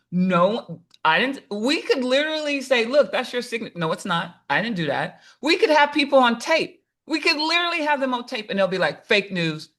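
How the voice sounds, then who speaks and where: A woman in her fifties hosting a podcast, chatting casually and telling animated stories with quoted voices. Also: fairly low pitch. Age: 50s. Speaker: podcast host. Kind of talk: casual chat.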